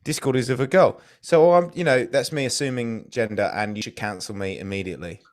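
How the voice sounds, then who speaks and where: A man's voice: mid-range voice, a little fast. A man co-hosting a podcast live stream, chatting casually, cracking dry jokes and reading out viewer questions. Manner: dry, joking asides, reads viewer questions. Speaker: podcast co-host.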